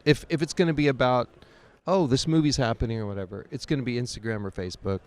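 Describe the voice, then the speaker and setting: A man's voice: medium pitch, fast, darkish tone. A man being interviewed as an actor, chatting casually and rambling a bit, joking about himself. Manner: rambling, chatty, self-deprecating. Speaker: actor guest. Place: convention.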